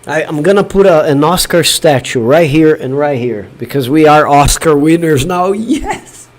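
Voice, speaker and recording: A man from Brazil hosting a live watch-party stream from his home studio, shouting elated cheers between chatty remarks. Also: a little high, moderate pace. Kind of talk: excited live-stream chat.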